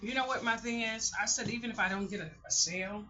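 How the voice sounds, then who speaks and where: A woman's voice: a little high, fast talker, sharp tone. A middle-aged woman talking in a casual vlog, candid and rambling, often restarting her sentences. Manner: candid, rambling, self-interrupting. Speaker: vlogger. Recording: dull lo-fi sound.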